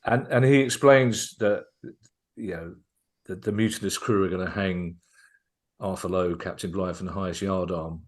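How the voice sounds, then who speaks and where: Low-voiced man telling a comedy anecdote. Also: steady tone, moderate pace. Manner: enthusiastic anecdote-teller, restarting sentences as he goes. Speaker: guest comedian. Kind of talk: casual podcast storytelling.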